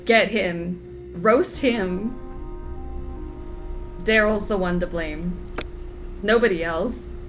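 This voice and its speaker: A woman's voice: mid-range voice, drawn-out words, pauses often, fairly bright tone, soft background music. A woman streaming a mystery video game, chatting casually, joking and laughing with her viewers as she plays. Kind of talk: casual gameplay commentary.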